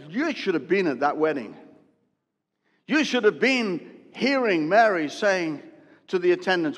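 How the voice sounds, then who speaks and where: A man preaching a live sermon as pastor, telling Bible stories with animated, acted-out asides. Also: high-pitched, moderate pace. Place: church hall. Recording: long church reverb.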